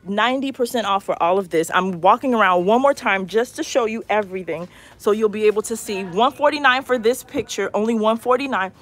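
A woman walks through a big store on a handheld phone, chatting excitedly to her live viewers. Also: mid-range voice, brisk, hardly any pauses. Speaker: shopping vlogger. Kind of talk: live-stream store walkthrough. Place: large retail store indoors.

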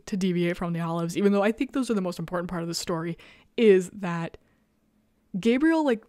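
A woman's voice: on the low side, dry recording, clean studio sound. A woman hosting a casual chat show, laughing often and riffing with sarcastic energy. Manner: giggly, laughs often mid-sentence; animated and sarcastic. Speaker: podcast host. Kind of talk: casual chat reviewing comics.

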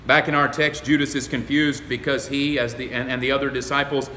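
A man preaching a sermon as pastor, folksy and emphatic, rising to loud exclamations. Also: medium pitch, level tone, a little fast, a little hiss or hum. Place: church sanctuary. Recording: echoey, reverberant hall.

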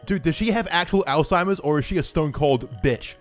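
A man streaming a game live, giving excitable, profane running commentary and talking to his chat. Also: on the high side, a little fast, soft background music.

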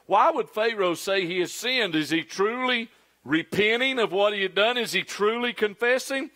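A man's voice: sits high, lively intonation, normal speed, sharp tone. A middle-aged man preaching a sermon as pastor, acting out quoted pleas in a raised, pleading voice.

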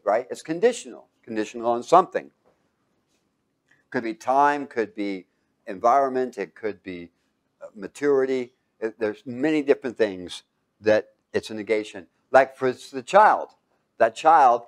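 A man's voice: mid-range voice, expressive, a little slow, pauses often. A man teaching a Bible class, quizzing his students with fill-in questions and breaking into sudden exclamations.

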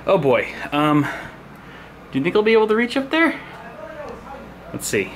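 A man with a somewhat high voice talks casually while he works on a computer, joking and muttering to himself. He jumps between loud excited bursts and low muttering. Faint noise hums behind him. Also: moderate pace. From United States. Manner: chatty, self-talking, jokey, swings between loud excitement and muttering. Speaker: tech YouTuber. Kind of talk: casual vlog narration while working. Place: small studio office.

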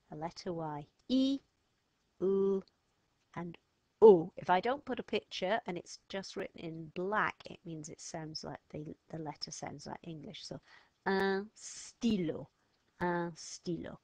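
Speaking in a lowish voice with no echo, a woman teaches French to children one step at a time. She narrates slowly, carefully pronouncing each letter and word.

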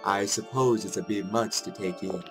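A man voicing a cold, calculating doctor father in a horror game, with a calm, theatrical formal delivery. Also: on the low side, moderate pace, music in the background, natural voice. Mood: sinister.

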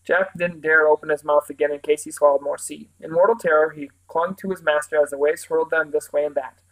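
A man's voice: on the high side, fairly even intonation, brisk, low-quality recording. Man reading a children's book aloud. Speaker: storyteller.

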